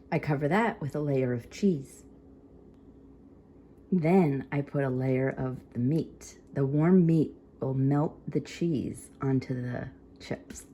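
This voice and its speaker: A woman's voice: low-pitched, slow pace, long pauses, mellow, roomy sound, distant mic, slight background noise. A woman hosting a casual cooking vlog in her home kitchen, chatting and explaining as she works.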